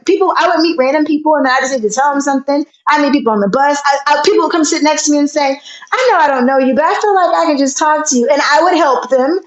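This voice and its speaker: A woman in her thirties, chatting as a guest and telling stories in an animated way, acting out the voices in her tales. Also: high voice, fast. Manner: animated storyteller, acts out voices in her tale. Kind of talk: casual chat. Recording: echoey, dull lo-fi sound.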